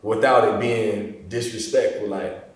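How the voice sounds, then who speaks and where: With a crowd audible behind him, a man with a lowish voice speaks at a measured pace, picked up by a distant mic in a roomy, echoing space. He's an easygoing podcast host who rambles through casual conversation, dropping "bro" and "you know" frequently.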